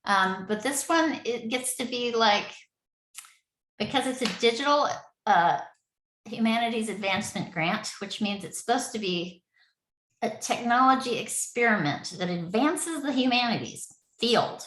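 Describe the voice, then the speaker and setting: A woman's voice: fairly high pitch, animated, measured pace, a bit bright. Effusive woman in an echoey room. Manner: effusive, rambling, laughs often. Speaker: city project lead running the meeting. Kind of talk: casual online meeting talk. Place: home.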